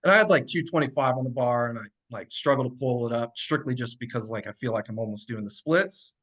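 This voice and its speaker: A man in his thirties, a strength coach appearing as a podcast guest, tells stories casually and in a relaxed way, using lots of fillers and laughing as he goes. His voice is medium-pitched and he talks fast.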